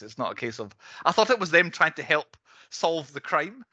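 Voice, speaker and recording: Man, casual podcast co-host, lively rising and falling pitch, bright forceful tone, dry slightly dull sound. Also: quick pace, no echo. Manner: animated, acts out lines in mock voices. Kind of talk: casual chat.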